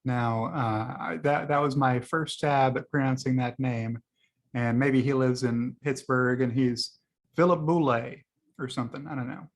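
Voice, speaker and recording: A man's voice: mid-range voice, steady tone, normal speed. Rambling man chatting through tweets. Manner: chatty and rambling, many fillers. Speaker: video host. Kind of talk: casual commentary on tweets.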